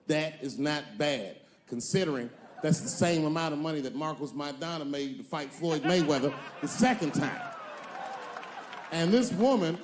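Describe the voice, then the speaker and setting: A man's voice: on the high side, slight background noise. Profane, punchy male stand-up comedian. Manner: profane, conversational storytelling with punchy emphasis.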